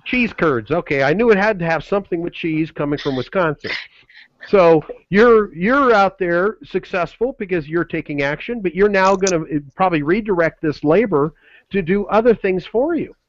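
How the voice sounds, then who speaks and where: A man co-hosting a webinar, delivering a pushy motivational sales pitch full of repeated slogans. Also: expressive, normal speed, no echo, lo-fi sound. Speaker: webinar co-host.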